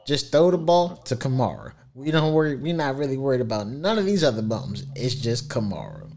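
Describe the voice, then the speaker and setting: Man, sports co-host, casual chat, animated, lively pitch. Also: a little fast. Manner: animated, chuckling, conversational.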